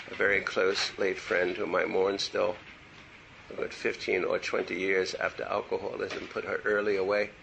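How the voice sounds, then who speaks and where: A man's voice: lowish voice, vocal fry, a bit bright, slight background noise, low-quality recording. An older man giving a meandering university lecture on poetry, full of digressions and asides. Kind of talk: classroom lecture. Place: lecture room.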